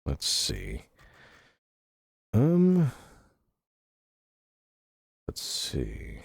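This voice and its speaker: A deep-voiced man chats loosely with his stream audience, laughing often and swearing without a second thought. His pitch swings widely as he rambles through restarts and fillers. The sound is close and dry, with no room around it. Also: wildly swooping pitch, very slow, vocal fry, breathy edge, no room sound. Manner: rambling, with fillers and self-corrections. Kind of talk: casual chat reading viewer messages.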